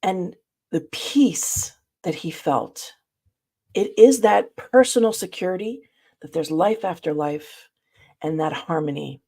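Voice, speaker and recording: A woman presenting a reflective spiritual study talk, speaking in a measured way and addressing her listeners directly. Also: lowish voice, animated, warm tone, breathy edge.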